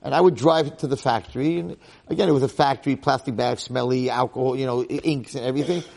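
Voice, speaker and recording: A gravelly New rabbi in his sixties tells stories in a relaxed Torah talk. His voice keeps leaping up sharp and loud on the key words, then sinks to a soft, low murmur. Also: quick pace. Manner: excitable, bursts up high and loud to stress a point, then drops low and soft.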